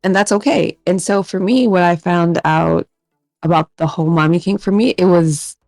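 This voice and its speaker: Lower-voiced woman getting over a cold. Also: normal speed, gravelly, a little mellow, dry recording, soft background music. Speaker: audio role-play creator, returning guest. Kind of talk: casual podcast chat.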